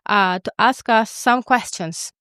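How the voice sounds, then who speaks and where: A woman co-hosting a podcast, chatting casually and bluntly with plenty of "like" and "you know." She swears freely as she talks. Her voice is smooth and clear, recorded dry and close. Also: a little high, a little slow, fairly bright tone, dry recording. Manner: candid and profane, lots of filler words. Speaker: podcast co-host.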